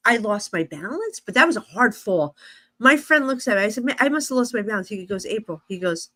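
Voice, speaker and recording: A woman with a New Jersey accent, a guest psychic medium telling stories in a lively conversational way with many fillers. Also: medium pitch, fairly quick. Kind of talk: animated storytelling in conversation.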